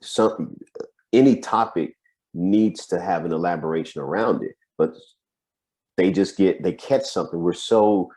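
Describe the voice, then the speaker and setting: A man's voice: deep voice, unhurried, a little mellow. A man, a coach, chatting casually over a video call, musing and laughing between points. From United States.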